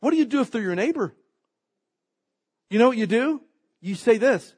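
Husky, lively preacher joking freely. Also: male voice, high-pitched, fairly quick, pauses often. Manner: folksy, joking, animated storytelling with acted quotes. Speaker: pastor. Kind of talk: sermon.

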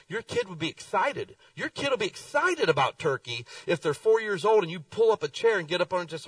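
A middle-aged man preaching a sermon, telling folksy stories with lively swings in his voice. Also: high voice, quick pace, hardly any pauses, dry recording, far from the mic, poor audio. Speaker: pastor. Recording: dry sound, speaker away from the mic.

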